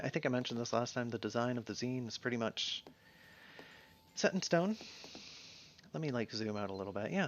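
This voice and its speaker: A man streaming a game in a relaxed, casual way, musing to himself as he plays. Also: mid-range voice. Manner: easygoing, mumbles to himself while playing. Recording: slightly dull sound, faint music behind.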